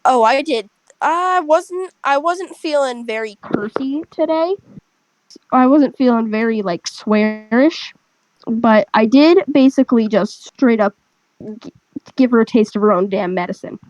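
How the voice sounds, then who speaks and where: Young woman, high voice, rambling animated storytelling, dry headset sound. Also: measured pace, no room sound, low-quality recording. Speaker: storyteller among friends. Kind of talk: casual chat.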